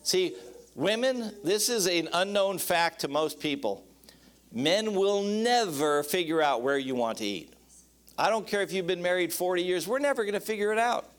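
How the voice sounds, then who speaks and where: A man's voice: high voice, expressive, moderate pace. A man preaching a sermon on marriage in a folksy, joking way, often calling out to the congregation for an amen. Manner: folksy, joking, calls out for amens. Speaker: pastor.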